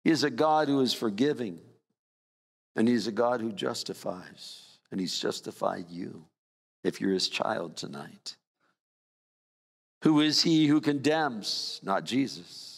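An older man preaching a sermon as pastor, his voice swinging from raised emphasis down to low, quiet lines. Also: lively intonation, a little slow, gravelly, pauses often, in a large hall. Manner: preaching with sweeping rises and drops in pitch.

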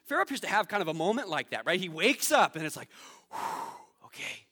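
Pastor, male, high bright voice, lively storytelling delivery with a long hall echo. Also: very fast. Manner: animated, acts out quotes in his story, laughs at himself. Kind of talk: sermon with storytelling.

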